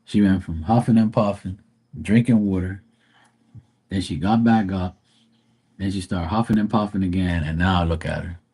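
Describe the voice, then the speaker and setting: A man with a low, husky, dark-toned voice hosts a relaxed live stream from his home. He talks in an easy, teasing way and greets viewers by name. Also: moderate pace, pauses often. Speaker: live stream tarot reader.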